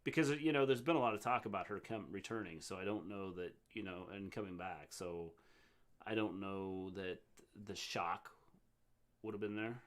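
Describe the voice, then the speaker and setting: A middle-aged man co-hosting a casual livestream recap, thinking aloud in halting, restarted sentences. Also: deep voice. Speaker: co-host, wrestling recap.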